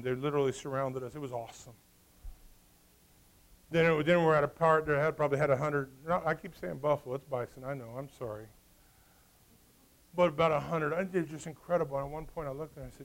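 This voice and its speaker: A male pastor delivers a sermon with real animation, his voice sitting a little higher than most men's. He swings between loud, emphatic peaks and quiet, hushed asides, and he slips into the voices of the people in the story. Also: fast. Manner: animated, acts out voices of the characters.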